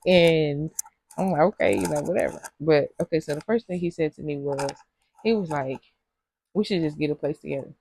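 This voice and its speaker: A woman's voice: deep voice, a little fast, gravelly, warm tone, slight background noise. A young woman telling a rambling, slangy storytime to her viewers, laughing often. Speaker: vlogger. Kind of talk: casual storytime chat.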